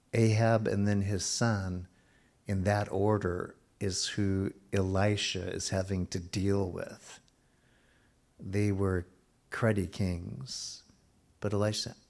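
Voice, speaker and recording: A middle-aged man preaching a sermon, slowing down for emphasis and dropping to a near hush at times. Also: fairly low pitch. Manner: expressive preaching, slows for emphasis and drops to a hush. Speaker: pastor.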